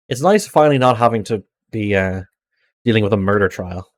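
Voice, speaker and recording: A man's voice: lowish voice, lively intonation, brisk. Man joking through a game stream. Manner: wry, joking asides. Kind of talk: live game playthrough commentary.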